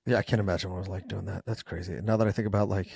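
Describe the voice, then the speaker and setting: A man's voice: low voice, fairly even intonation, racing, gravelly, darkish tone, husky, no room sound, studio quality. A man hosting a podcast, chatting casually and agreeing with his guest. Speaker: podcast host. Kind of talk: casual chat.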